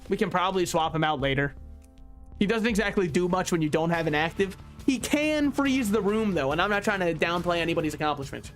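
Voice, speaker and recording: A man's voice: fairly high pitch, a bit bright. Sarcastic man streaming his gameplay. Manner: sarcastic, self-mocking banter; swears freely. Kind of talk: casual gameplay commentary.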